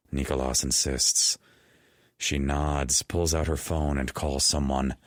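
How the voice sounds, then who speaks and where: A man narrating an audiobook in the first person, reading in a measured storytelling way. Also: a bass voice, level tone, no room sound, clean studio sound. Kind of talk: scripted narration.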